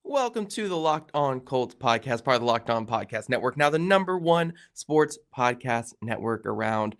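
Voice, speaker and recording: A man's voice: medium pitch, big pitch swings, moderate pace, fairly bright tone. A man hosting a sports podcast, talking casually with a nasal, congested voice from a cold. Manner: gravelly, conversational with frequent fillers. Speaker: podcast host.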